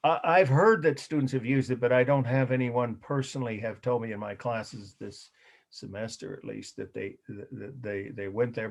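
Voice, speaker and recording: A middle-aged man teaching a college art history class, talking loosely to students and correcting himself as he goes. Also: mid-range voice. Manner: rambling, self-correcting, conversational. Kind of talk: live class lecture.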